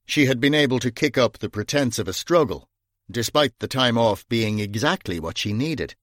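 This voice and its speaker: A man reading a crime novel aloud in measured, even narration, close to the mic. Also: medium pitch, dry recording. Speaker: audiobook narrator. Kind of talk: scripted narration.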